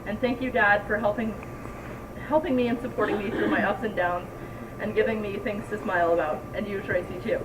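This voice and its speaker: A teenage girl gives a tearful, giggly thank-you speech, heard from a distance. Bowling alley noise hums clearly behind her. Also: mid-range voice, steady tone, a little fast. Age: teens. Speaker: senior student speaker.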